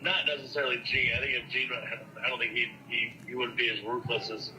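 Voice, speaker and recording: A man's voice: mid-range voice, steady tone, quick pace. Slangy man on a noisy call. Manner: laid-back, slangy, hesitant restarts. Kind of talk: casual conversation.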